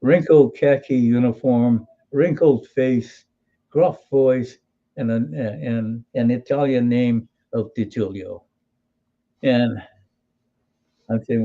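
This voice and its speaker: A military veteran in his eighties, originally from Hawaii, recounts wry, folksy tales in an interview with many restarts. He takes it slowly in a dark, mid-range voice, and the recording is muffled.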